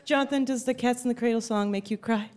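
A woman hosting a live quiz show, teasing the contestants and quick to laugh. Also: on the high side, steady tone, a little mellow.

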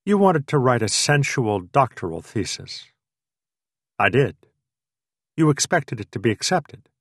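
A man's voice: mid-range voice, sing-song, measured pace, no room sound, studio quality. A male narrator voicing a wry young American woman who teases with short, probing questions. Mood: teasing.

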